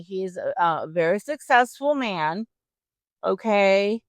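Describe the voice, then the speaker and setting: A woman's voice: on the low side, very animated, takes it slowly, dry recording. A woman podcast host retelling a story casually, with a faith angle and chatty, slangy asides.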